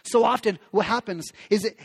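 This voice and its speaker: A man's voice: high-pitched, moderate pace, creaky, breathy edge. A man preaching a sermon as pastor, speaking with passion and acting out quoted prayers. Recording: long reverb of a large hall.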